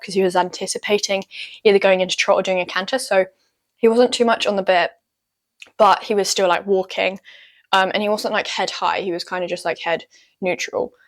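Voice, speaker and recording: A young woman casually recounting her first dressage test, chatty and self-deprecating, with many ums and likes. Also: mid-range voice. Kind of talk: casual storytelling vlog.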